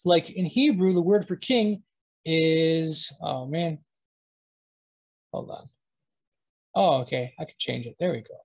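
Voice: mid-range voice, a little mellow, poor audio. A teacher giving a live online lesson, talking at a computer mic while screen-sharing and often stopping to correct themselves. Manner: halting, self-correcting, thinks aloud.

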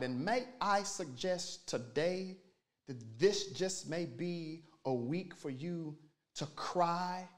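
A pastor with a medium-pitched voice preaches a sermon emphatically, repeating phrases as his loudness swells and drops.

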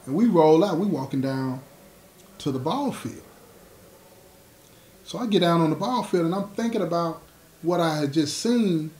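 A man with a slightly high, somewhat mellow voice tells a prison story in a casual, streetwise style. He acts out the dialogue and keeps asking "you know what I'm saying." The recording has a roomy echo.

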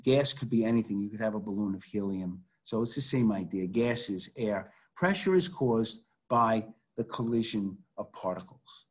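Middle-aged male chemistry teacher, slightly husky tone, chatty storyteller delivery on a video call. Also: fairly low pitch, normal speed, hardly any pauses. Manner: storytelling, conversational and animated. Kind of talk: online class lecture.

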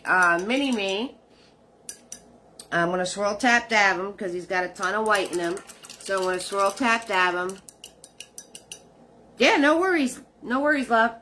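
A woman's voice: medium pitch, a little slow, pauses often, pushed and bright. A woman leading a live painting tutorial, chatting with her viewers as she works. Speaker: painting instructor.

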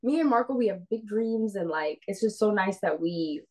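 A woman's voice: mid-range voice, animated, normal speed, a little mellow, poor audio. A young woman in a casual interview, bubbly and saying "like" often. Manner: bubbly, heavy use of "like". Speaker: reality show winner, interviewee.

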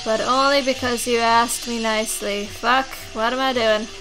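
A woman's voice: fairly high pitch, fairly even intonation, moderate pace. A tipsy young woman giving brash, foul-mouthed let's-play commentary as the host. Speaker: gaming host. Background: game music.

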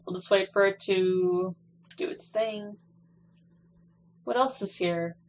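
A woman's voice: medium pitch, steady tone, slow, a little hiss or hum. A young woman giving casual gameplay commentary, swearing a lot and talking back at characters on screen. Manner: laughs and squeals while playing. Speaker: gameplay streamer.

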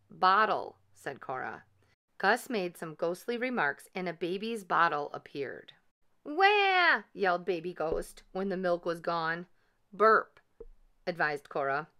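Bright, lively woman reading a storybook. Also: fairly low pitch. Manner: expressive, animated. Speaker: storybook reader. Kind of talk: reading a picture book aloud.

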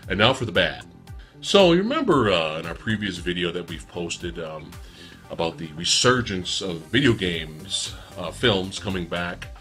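A man co-hosting a casual movie review, talking in animated, exasperated bursts and laughing often. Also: deep voice, normal speed, soft background music.

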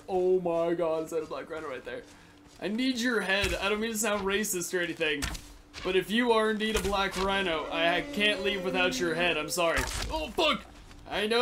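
A young man giving casual, excitable commentary on his video game, rambling, swearing and yelping at sudden danger. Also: sits high, slight background noise. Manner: chatty rambling to animals in the game. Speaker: gaming channel host. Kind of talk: Let's Play commentary.

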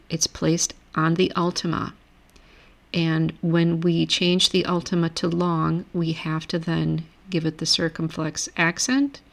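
A woman with a lowish, gravelly voice teaches a grammar lesson, recorded at a desk mic over a shared screen. She reads vocabulary slowly and patiently, and she explains each rule one step at a time. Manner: patient, reads word lists aloud slowly. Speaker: language teacher.

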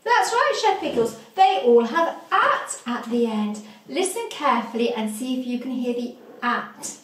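A woman leads a lesson for small children in a slow, carefully spaced voice. Her higher pitch rises and falls in a lively, sing-song way. The sound carries an echo from the room. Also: a little hiss or hum. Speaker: early years teacher.

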